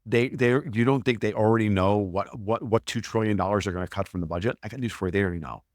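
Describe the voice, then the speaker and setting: A man talking as a guest analyst in a podcast interview, emphatic and profane, piling up quick digressions and restarts. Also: on the low side, no echo, studio quality.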